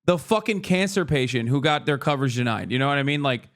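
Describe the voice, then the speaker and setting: A man's voice: medium pitch, expressive, brisk, a bit bright. A man hosting his show, ranting with profanity and mocking the voices of others. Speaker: streamer and show host. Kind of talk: ranting commentary.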